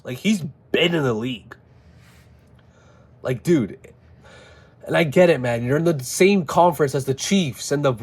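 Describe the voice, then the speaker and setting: A man ranting casually about a football game, animated and exasperated, with frequent swearing. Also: on the high side, husky. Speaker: football fan vlogger. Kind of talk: casual sports rant.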